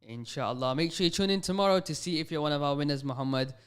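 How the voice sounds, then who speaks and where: A man's voice: on the high side, fast. A man hosting a live radio call-in show. He is patient and encouraging with young callers and peppers his speech with religious phrases. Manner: sprinkles Islamic phrases through his talk.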